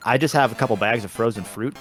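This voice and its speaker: A man's voice: mid-range voice, fast, fairly bright tone, faint music behind. A man hosting a charity stream in a casual chat, reading donation messages aloud, sometimes stumbling over them and laughing.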